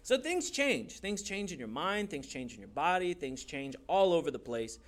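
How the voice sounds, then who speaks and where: A man teaching a church youth class in a playful, animated way, often laughing and acting out quick voices. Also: fairly high pitch. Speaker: youth pastor.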